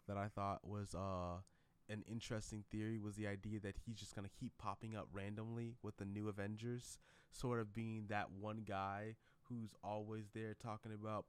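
A man's voice: on the low side, flat delivery, moderate pace, clean tone, dry recording. A man vlogging in a casual, rambling way, with lots of fillers and restarts. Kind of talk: casual commentary vlog.

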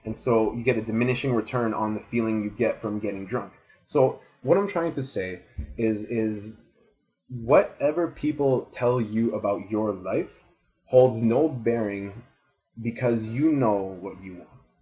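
A young man in his twenties talks straight at one listener in a loose, rambling monologue. His voice sits a little low, and he swears freely while repeating his points for emphasis. It sounds like an off-the-cuff recorded message of advice. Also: a little slow, dark tone, low-quality recording. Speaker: student giving advice. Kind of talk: casual motivational monologue.

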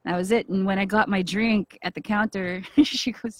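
A woman's voice: medium pitch, steady tone, fairly quick, no room sound. A woman with a Filipino accent, a radio and event host, chatting animatedly and laughing often. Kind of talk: casual podcast chat.

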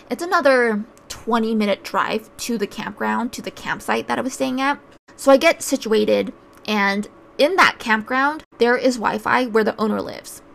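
A fairly high-voiced woman with a gravelly, fry-laden edge tells a personal story in a casual storytime manner. She sounds chatty and wry, and her talk is full of filler words. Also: a bit bright. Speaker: vlogger telling a travel story.

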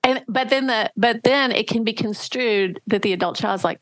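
A woman with a fairly high voice speaks in a relaxed podcast chat as a relationship coach. She slips into quoted voices as she explains, and the sound is close and dry with no room around it. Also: moderate pace, no echo. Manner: animated, acts out quoted voices. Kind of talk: casual conversation.

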